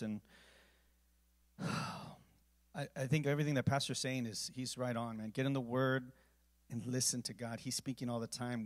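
A man serving as pastor, telling a heartfelt story and leading communion and a closing prayer. He talks earnestly, dropping to a hush at times and rising loud at others. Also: mid-range voice. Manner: earnest storytelling, volume swinging from hushed to loud.

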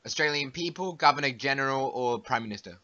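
A young man co-hosting a casual podcast, reading quiz questions aloud in a hesitant, halting way. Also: mid-range voice, animated, bright, forceful tone. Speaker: podcast co-host. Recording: dull, lo-fi home recording.

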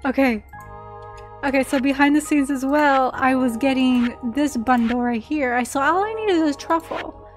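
Eine Frau, die locker und aufgeregt ein Spiel kommentiert, oft nach Luft schnappt und kichert. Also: female voice, high voice, moderate pace, low-quality recording. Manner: excitable, gasping and giggling often. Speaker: gaming channel host. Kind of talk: casual gameplay commentary. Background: soft game music.

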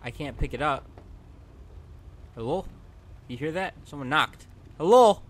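This gameplay commentator has a medium-pitched voice that sounds pushed and bright, delivered at a measured pace. Joking through a horror game playthrough, he addresses the game directly and yelps or screams whenever something startles him.

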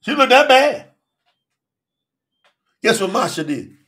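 A man preaching in a strikingly high voice. His tone is bright and forceful. He talks in an emphatic, colloquial way and keeps turning to the congregation with direct questions. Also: big pitch swings, slow. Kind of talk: sermon.

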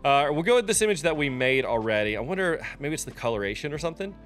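A man's voice: on the high side, animated, fast, fairly bright tone, faint music behind. Chatty man walking through a tutorial. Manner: chatty and loose, with frequent ums and restarts. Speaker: streamer teaching a software tutorial. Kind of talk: casual screen-recorded tutorial.

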